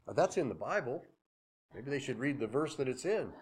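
A man preaching a sermon, swinging from emphatic declarations to hushed, reverent asides, with conversational anecdotes. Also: mid-range voice, big pitch swings, a little fast, slightly rough. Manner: conversational, with chuckles and acted-out anecdotes. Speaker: pastor.

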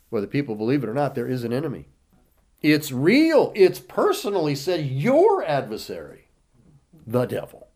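A man's voice: medium pitch, wildly swooping pitch, normal speed, a little mellow. A man preaching a sermon, reading scripture aloud and asking his listeners rhetorical questions. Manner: reads scripture in King James wording with rising emphasis, asks rhetorical questions.

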